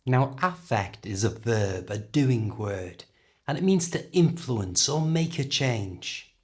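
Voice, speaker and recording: A middle-aged man with a British accent teaching an English lesson, carefully and clearly modelling how words are pronounced. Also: mid-range voice, lively intonation, takes it slowly. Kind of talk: language lesson.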